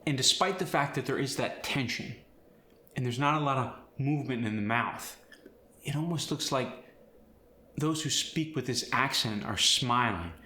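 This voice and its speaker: A man's voice: medium pitch, normal speed, pushed and bright, echoey room. A man teaching an accent, explaining sounds and demonstrating example phrases. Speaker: accent coach. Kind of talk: scripted accent lesson.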